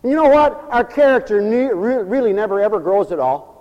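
A man preaching a fiery, folksy sermon, swinging from hushed asides to shouts. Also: high voice, sing-song, a little fast, in a large hall, dull audio.

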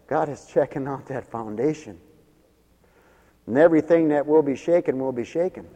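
A man's voice: a little high, mellow, in a large hall, lo-fi sound. A man preaching a folksy sermon, laughing often between his points.

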